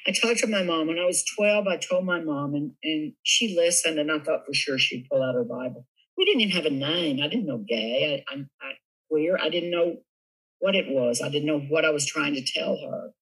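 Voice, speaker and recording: Guest: older Southern man, bright and husky tone, animated storyteller. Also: on the high side, moderate pace, low-quality recording. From Southern United States. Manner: lively storyteller, animated, laughs often. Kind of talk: casual storytelling interview.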